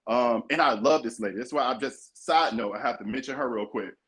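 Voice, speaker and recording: A man's voice: mid-range voice, fairly quick, a bit bright. A man co-hosting a podcast, talking earnestly and emphatically in casual chat. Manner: earnest, emphatic, acts out quoted voices. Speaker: podcast co-host.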